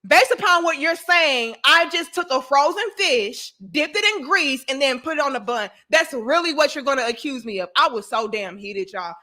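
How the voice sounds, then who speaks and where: Animated, high-voiced woman telling a story. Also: moderate pace, few pauses. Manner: animated, profane, addresses viewers directly. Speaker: vlogger. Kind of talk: casual storytelling to camera.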